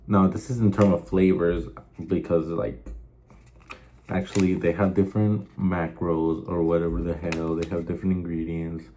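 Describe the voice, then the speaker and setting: A man's voice: deep voice, flat delivery, moderate pace, mellow, slight background noise. A young man hosting a casual chat show, rambling through stories with lots of fillers and swearing. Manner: rambling, profane, filler-heavy storytelling. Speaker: host.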